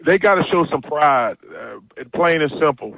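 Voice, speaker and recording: A man's voice: on the high side, lively intonation, moderate pace, creaky, no echo, phone-quality sound. A man chatting as a guest analyst on a radio show, blunt and jokey, telling stories with lots of restarts. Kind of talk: casual phone-in radio chat.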